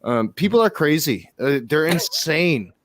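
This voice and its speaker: Halting, earnest man from Michigan. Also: fairly high pitch, very animated, fairly bright tone, dry recording. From Michigan, United States. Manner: halting, many restarts, earnest ranting. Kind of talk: casual chat.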